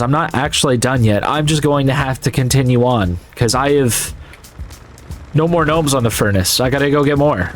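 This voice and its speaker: A man talks casually over his gameplay in an ordinary mid-range voice, joking with his viewers. Now and then he breaks into loud yelps of excitement. Faint game music plays in the background. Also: mid-range voice. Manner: upbeat and jokey, bursts into loud yelps. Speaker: gaming video host.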